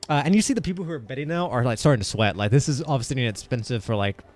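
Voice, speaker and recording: A man narrating as game master for a tabletop game, rambling with lots of fillers and slipping into quick voices for the crowd. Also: medium pitch, animated, darkish tone, soft background music.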